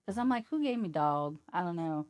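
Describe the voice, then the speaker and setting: A woman's voice: lowish voice, lively intonation, brisk, darkish tone. A woman working as a psychic medium, chatting casually on a podcast, laughing often and acting out quoted voices.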